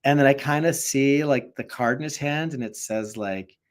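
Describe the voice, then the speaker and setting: A man's voice: mid-range voice, normal speed. A young man giving a loose, conversational spiritual teaching, telling a story and then encouraging listeners, with many fillers like "like" and "you know". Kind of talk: casual live talk mixing storytelling and spiritual teaching.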